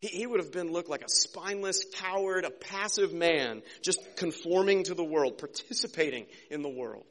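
Man, pastor, conversational sermon, a bit higher pitched voice. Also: a bit bright. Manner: conversational, joking, acts out quick character voices.

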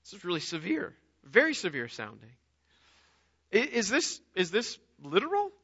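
Emphatic high-voiced man preaching. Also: wildly swooping pitch, moderate pace, bright, forceful tone, breathy edge, dry recording, lo-fi sound. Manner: earnest, emphatic, repeats words and restarts often. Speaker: pastor. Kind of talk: sermon.

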